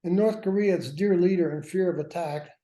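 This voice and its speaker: A man's voice: sits high, fairly quick, dark tone. A man teaching a workshop class, lecturing with wry, self-mocking asides. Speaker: workshop instructor. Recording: roomy echo.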